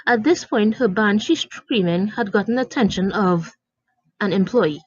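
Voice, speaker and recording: A woman's voice: mid-range voice, unhurried, slightly rough, dry recording. A woman reading a story aloud with dramatic, indignant storytelling, in a dry, dull lo-fi recording. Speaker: story narrator.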